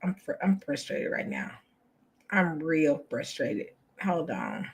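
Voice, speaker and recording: A woman's voice: low-pitched, huge pitch swings, slow pace, husky. A woman, hosting a casual chat for her viewers, exasperated and chatty, calling them y'all. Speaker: channel host.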